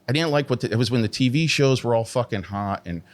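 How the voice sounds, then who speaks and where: A middle-aged man, a tattoo artist guest, telling his story candidly and animatedly, full of swearing and "like" fillers. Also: fast talker. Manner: heavy swearing, constant "like" fillers; animated, pitch jumps when emphatic.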